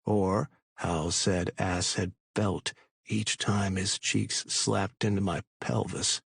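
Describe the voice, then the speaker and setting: A man narrating a romance audiobook in the first person, in an even, casual way. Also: low-pitched, takes it slowly, gravelly, husky, dry recording, studio quality.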